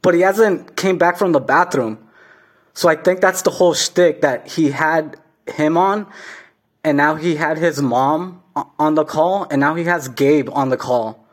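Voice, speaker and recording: A man's voice: fairly high pitch, unhurried. A man casually commenting on a livestream he has on in the background, amused and rambling, with lots of swearing and filler words. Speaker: viewer reacting to a livestream.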